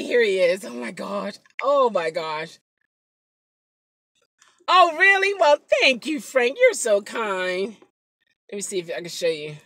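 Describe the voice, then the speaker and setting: Speaking into a phone during a car live stream, this woman rideshare driver has a mid-range voice with no echo around it. Her casual chatter is full of lively storytelling and frequent exclamations.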